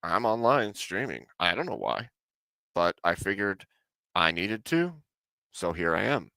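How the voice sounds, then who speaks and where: A man from the United States with a lowish voice talks in a relaxed, rambling way, full of likes. He chats casually on a late-night stream. The sound is close and dry. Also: measured pace, creaky, dry recording. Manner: laid-back, rambling, lots of likes. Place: home streaming setup.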